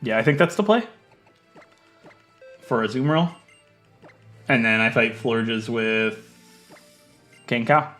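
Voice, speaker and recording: A man giving casual gameplay commentary, chatty and thinking aloud, swinging from low muttering to loud mock outrage. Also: takes it slowly, long pauses, soft background music. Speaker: let's play gaming creator.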